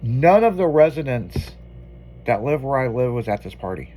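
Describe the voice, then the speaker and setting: A man's voice: mid-range voice, sing-song, normal speed, mellow. Profane storytelling radio host man. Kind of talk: casual on-air banter.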